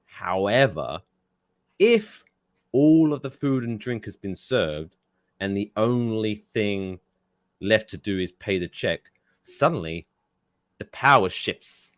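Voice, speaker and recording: Chatty British man, low dry voice. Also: animated, slow pace, pauses often, no room sound. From Britain. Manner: chatty storyteller, explaining at length. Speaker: podcast co-host. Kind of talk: casual chat.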